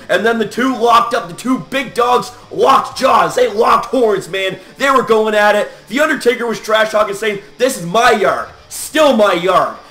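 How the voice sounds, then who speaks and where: A man giving a loud, animated reaction rant as a wrestling fan vlogger, swearing and shouting often. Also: high-pitched, reverberant.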